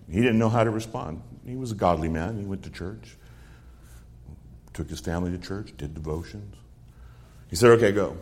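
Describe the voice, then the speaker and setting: Here a middle-aged man's low, darkish voice carries a sermon that expounds a psalm one verse at a time. Between verses he earnestly recounts episodes from his life, complete with quoted dialogue.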